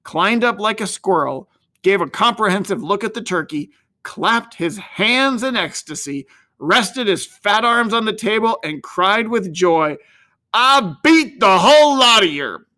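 A man narrating an old-fashioned storybook in an expressive, gently dramatic way. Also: sits high, unhurried.

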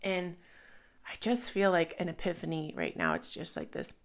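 A woman's voice: lowish voice, big pitch swings, normal speed. A woman in her thirties, a mother, talking candidly and reflectively in a personal monologue, retelling stories.

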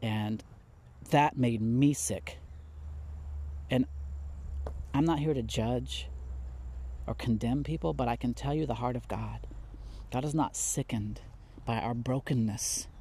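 A middle-aged man preaching a heartfelt sermon, pleading and impassioned, swinging from soft to loud and close to tears. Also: mid-range voice, slow pace, pauses often, slight background noise. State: near tears.

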